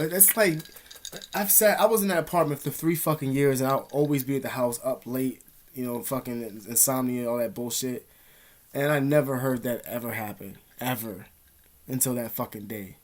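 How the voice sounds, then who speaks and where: A man's voice: medium pitch, moderate pace. A young man vlogging from an indoor room, telling a story in a rambling, profane, streetwise way. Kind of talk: casual storytelling to camera.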